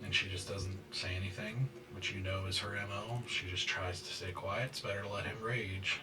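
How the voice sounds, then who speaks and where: A man narrating a scene as game master, halting and full of fillers. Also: deep voice, distant mic, low-quality recording.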